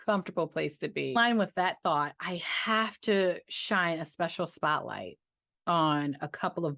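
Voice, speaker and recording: Chatty, gushing woman vlogger, slow and dry. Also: sits low, vocal fry, fairly bright tone, no room sound. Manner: chatty and gushing, trailing off, with playful sung interjections. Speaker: budgeting vlogger. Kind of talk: casual chat to camera.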